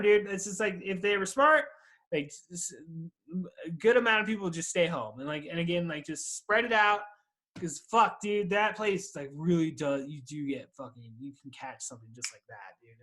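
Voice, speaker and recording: A man's voice: fairly high pitch, a bit bright. A man in his thirties hosting a solo podcast while stoned, rambling in a loose, profane way, laughing and talking back to himself over a video call. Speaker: podcast host.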